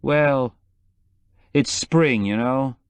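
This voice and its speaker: A man's voice: mid-range voice, very slow, clean tone, dry recording, voice pushed up. Blunt cautioning editor, somewhat raised voice, audiobook figure, as a man voices him, dry. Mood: wary. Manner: warning, blunt. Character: shrewd older male newspaper editor friend.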